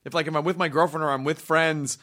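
A man in casual chat, joking and riffing, with halting restarts. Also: a little high, steady tone, bright, forceful tone. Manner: joking, riffs with mock characters, halting restarts.

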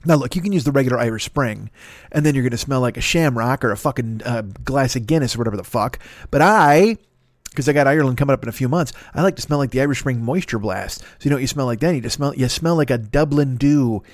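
A man's voice: medium pitch, quick pace, dry recording, studio quality. A man in his forties hosting a podcast with a profane, self-mocking, digressive comedic monologue. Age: 40s. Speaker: podcast host.

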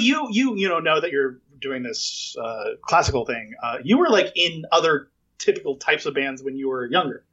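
A man's voice: a little high, pushed and bright. Rambling, jokey man on a lo-fi call. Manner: rambling, jokey storytelling with many fillers. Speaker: interviewer. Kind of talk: casual podcast chat.

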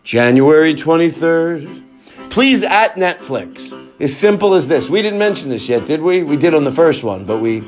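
Man, comedy podcast host, high voice, silly rambling, faint music. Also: lively intonation, moderate pace. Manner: silly, repeats lines for laughs. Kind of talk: rambling comic monologue.

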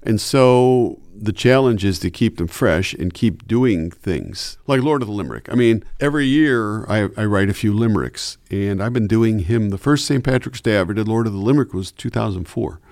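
An animated male radio announcer chats as a guest and tells his stories with energy. His voice sits low, and the recording is dry and close. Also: moderate pace, hardly any pauses, no room sound. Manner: animated, chatty, slips into voices. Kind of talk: casual interview chat.

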